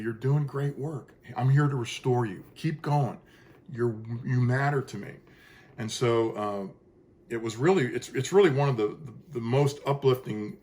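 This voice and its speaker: A man, a composer, talks casually and earnestly about how he made his choral piece, wandering through asides with many fillers and restarts. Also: medium pitch. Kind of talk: casual spoken explanation.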